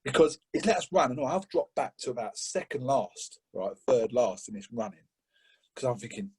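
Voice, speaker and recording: Husky man telling a lively football story. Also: moderate pace. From England. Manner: animated, laughing, acts out quotes with rising pitch. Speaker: podcast guest. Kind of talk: casual storytelling chat.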